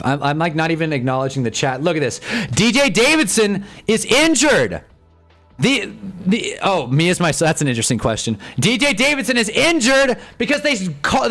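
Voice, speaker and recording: A young man hosts a live stream, casually commenting on a football game as he watches. He swings from low muttering to loud, frustrated outbursts.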